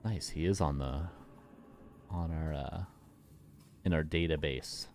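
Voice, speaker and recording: A man's voice: rumbling low, slow, darkish tone, a little hiss or hum. A man casting game replays live, joking and chatting with his viewers as he goes. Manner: joking, playful, chats with viewers. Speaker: caster.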